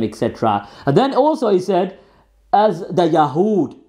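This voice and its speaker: A man's voice: a little high, big pitch swings, normal speed, darkish tone. A man hosting a combative rebuttal, talking in a sarcastic, emphatic way. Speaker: host. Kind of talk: rebuttal commentary.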